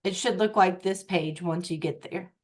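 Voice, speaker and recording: A woman tech coach leading a live online training over a video call, explaining at an unhurried pace and often checking in with her listeners. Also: lowish voice.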